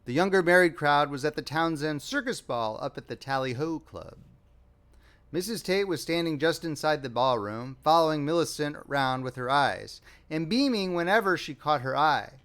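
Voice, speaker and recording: A man narrating a classic short story as an audiobook reader, with a wry, expressive delivery. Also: on the high side, moderate pace, clear, resonant tone. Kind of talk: scripted narration.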